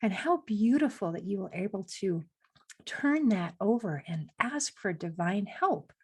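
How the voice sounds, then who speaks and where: A woman hosts a podcast interview, effusive and encouraging as she responds to her guest. Her voice has a breathy, husky quality at a medium pitch. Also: expressive, unhurried. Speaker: podcast host. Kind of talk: conversational interview.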